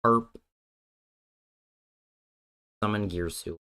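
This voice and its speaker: A man's voice: on the low side, very slow, bright, forceful tone, smooth. A man hosting a casual live stream, working out card game plays while joking with his chat and thinking aloud, often breaking off mid-sentence. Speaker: streamer and host.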